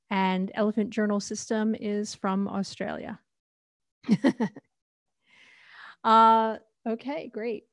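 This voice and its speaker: A woman's voice: medium pitch, no room sound, studio quality. Chatty New York woman moderating. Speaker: panel moderator. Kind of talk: panel discussion.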